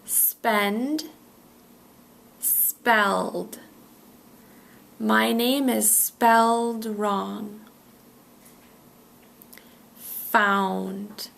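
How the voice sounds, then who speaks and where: Slow, careful woman teaching pronunciation. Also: medium pitch, steady tone, creaky, a bit bright. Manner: models words carefully, repeating each one. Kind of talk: slow, deliberate pronunciation drill.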